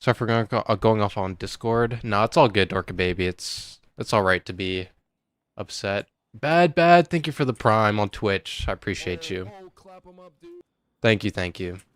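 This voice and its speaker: A man's voice: on the low side, moderate pace, a bit bright, clean tone, no echo. A young man streaming a game and chatting casually with viewers, sighing and emotional, on the verge of tears. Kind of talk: casual live-stream chat.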